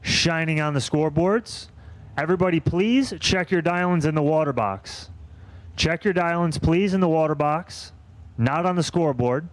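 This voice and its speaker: A man calling drag races and making track announcements, brisk and dryly teasing his co-announcer. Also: a little high. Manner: brisk, dry, teasing banter. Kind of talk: race commentary and track announcements.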